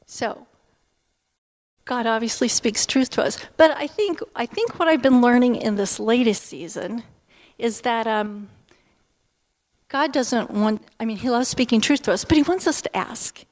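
A woman in her fifties sharing a personal testimony at a church gathering, candid and heartfelt, talking in a loose conversational way with frequent pauses and fillers. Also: fairly high pitch, lively intonation, darkish tone. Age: 50s. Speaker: speaker giving a personal testimony.

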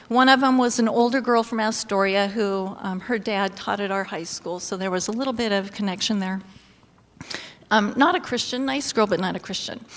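A woman giving a sermon, telling a lively personal story with exclamations and laughter, then reading scripture. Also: fairly high pitch. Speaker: pastor's wife or preacher. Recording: long hall reverb.

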